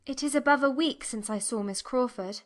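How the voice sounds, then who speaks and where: A woman's voice: high-pitched, a little fast, lightly acted. A woman reading an audiobook, giving the lines of a shy, timid young woman in a hesitant, self-doubting way. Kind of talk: audiobook reading of a classic novel.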